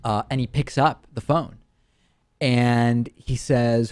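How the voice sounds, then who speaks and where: A man's voice: mid-range voice, steady tone, slow, darkish tone, clear, resonant tone, no echo. A male host in casual chat, asking questions and telling his own story. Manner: conversational, asks probing questions then retells a story.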